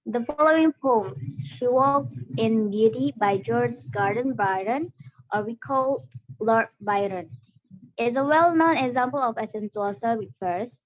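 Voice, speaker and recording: A woman's voice: fairly high pitch, unhurried. A young woman student whose first language is Indonesian, reading a class presentation steadily from notes. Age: young adult. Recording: dull lo-fi recording.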